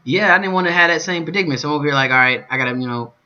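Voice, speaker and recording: Bright-voiced man telling a story. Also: on the high side, very fast, muffled recording. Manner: animated storyteller, swings from calm to loud venting with cursing. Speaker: vlogger. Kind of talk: storytelling vlog.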